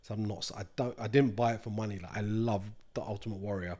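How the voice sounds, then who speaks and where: A man's voice: on the low side, fast talker. Slangy London man telling stories. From East London. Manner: chatty, slangy, lively storyteller. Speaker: guest, snack brand co-founder. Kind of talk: casual storytelling.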